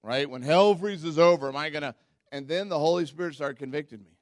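A man preaching a sermon as pastor, telling stories in a candid, self-mocking way and jumping into high squeaky voices when quoting people. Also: fairly quick, no echo, clean studio sound. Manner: animated storytelling, jumps into high squeaky voices for quotes.

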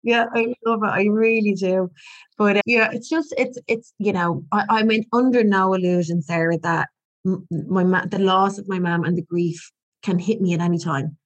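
A woman's voice: medium pitch, fairly even intonation, moderate pace, dull audio. A woman in her forties, a podcast guest, talking in an earnest, reflective way with frequent restarts. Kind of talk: candid conversational interview.

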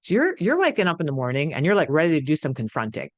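A woman's voice: low-pitched, wildly swooping pitch, fast, no echo. A middle-aged woman coaching partners of addicts in an earnest, emphatic teaching talk, acting out the voices she quotes. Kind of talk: direct-to-camera teaching talk.

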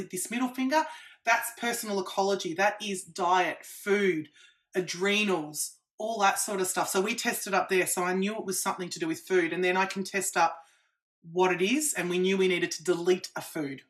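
Her voice is mid-range and her speed is normal. She's a practitioner being interviewed as a guest, animatedly explaining her methods and illustrating them with examples.

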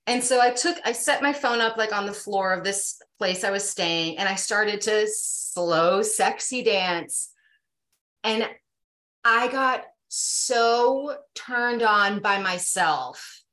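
Candid, animated woman podcast guest. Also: mid-range voice, slow. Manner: animated, candid, many "like" fillers. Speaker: podcast guest, yoga teacher. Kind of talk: casual conversational storytelling.

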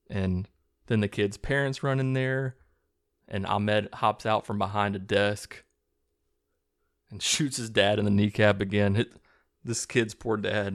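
Man, low and gravelly, rambling casual movie recap with chuckles and cussing. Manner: rambling, chuckling, profane retelling with restarts. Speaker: movie reviewer.

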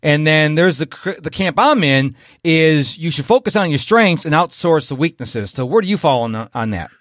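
Man, podcast host, upbeat, chatty, fairly high voice, dry close sound. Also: lively intonation, normal speed, no room sound. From Rochester, New York. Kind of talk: podcast interview hosting.

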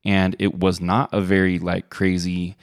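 A middle-aged man co-hosting a podcast, telling animated stories and acting out the voices he quotes. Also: deep voice, a little slow, smooth, no echo, studio quality. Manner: animated storyteller, acts out quotes. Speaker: podcast co-host. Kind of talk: casual chat.

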